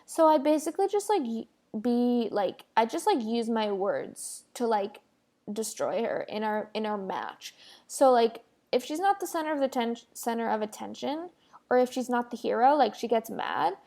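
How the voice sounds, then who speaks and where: A woman's voice: on the high side, big pitch swings, moderate pace, mellow. A woman hosting a solo podcast, ranting casually in a rambling, emphatic way. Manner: rambling, emphatic, heavy use of "like" and "literally". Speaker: podcast host.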